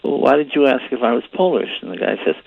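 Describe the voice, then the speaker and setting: A man's voice: medium pitch, expressive, fast talker, gravelly. A man in his seventies, a comedian guest, telling rambling anecdotes and acting out the voices in them. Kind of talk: phone-in interview, storytelling. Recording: muffled lo-fi radio line.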